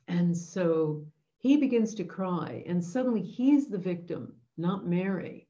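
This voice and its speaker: A woman's voice: fairly low pitch, expressive, unhurried, warm tone, lo-fi sound. A woman hosting an intention webinar, telling a story in an earnest, reflective way. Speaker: host leading an intention webinar.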